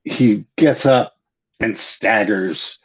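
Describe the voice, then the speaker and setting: A man narrating a tabletop game as game master, in a hesitant way with frequent pauses and restarts. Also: fairly low pitch, husky. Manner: hesitant, lots of ums and restarts. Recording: dull lo-fi recording.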